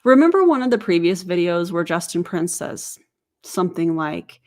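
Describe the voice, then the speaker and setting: Lowish-voiced woman doing sarcastic commentary on clips, laughs a lot. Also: lively intonation, moderate pace, darkish tone. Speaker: commentary host. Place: home, family heard in the background.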